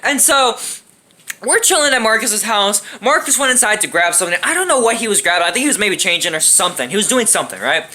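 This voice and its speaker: A woman's voice: mid-range voice, sing-song, fast, pushed and bright. A young woman telling a casual storytime vlog story, rambling and profane, full of "right?" and "you know" fillers. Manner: acts out quoted lines in shifted voices.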